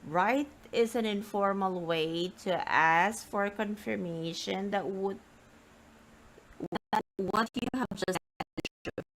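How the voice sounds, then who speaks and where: Slow-paced woman teaching English. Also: medium pitch, a little hiss or hum, rough recording. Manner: reads example dialogues aloud with stressed words. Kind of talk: slow, deliberate grammar lesson. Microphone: webcam stream mic.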